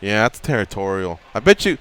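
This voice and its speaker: Animated male radio co-host. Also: on the low side, fairly quick, smooth. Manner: animated storyteller, does voices when quoting people. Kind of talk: casual chat.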